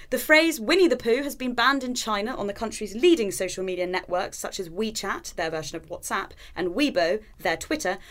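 A woman co-hosting a podcast, reading out a news roundup in a brisk, wry way with dry asides into a studio microphone. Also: mid-range voice, fairly bright tone. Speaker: podcast co-host.

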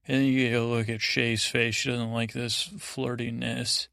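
A man's voice: mid-range voice, little pitch movement, a little slow, gravelly, pushed and bright, smooth, dry recording, studio quality. A man hosting a sleep podcast, rambling through a loose retelling of TV scenes with quoted lines. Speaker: podcast host.

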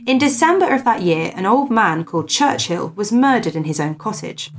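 A woman co-hosts a relaxed podcast, reading spooky old tales with dramatic stress on key words. She drifts easily into chat and giggles, her pitch sitting in a middle register. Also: normal speed. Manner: chatty, giggly, reads with dramatic emphasis. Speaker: podcast co-host. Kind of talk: casual chat, reading ghost stories aloud.

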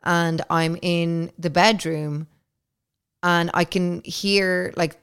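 A woman's voice: lowish voice, fairly even intonation, takes it slowly, fairly bright tone, clean tone. A woman hosting a podcast, telling a story in a casual, chatty way, full of filler words and swearing. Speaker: podcast host.

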